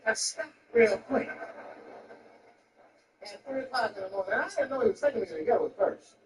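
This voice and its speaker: A male comedian tells profane stories in a lively, high-pitched voice and keeps jumping into other voices. He sounds far from the mic on a roomy live stage, with a faint hum of noise behind him. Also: fairly quick. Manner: animated, profane storytelling with voices. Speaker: stand-up comedian. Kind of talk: stand-up comedy routine. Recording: distant, roomy live recording.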